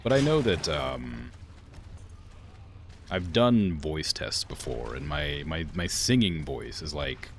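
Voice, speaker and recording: Male streamer, casual and rambling, deep voice that swings up and down a lot as he talks. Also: big pitch swings, slow, vocal fry, slight background noise. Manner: rambling, heavy use of "like" fillers; answers viewer questions while playing. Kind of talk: casual gaming stream chat.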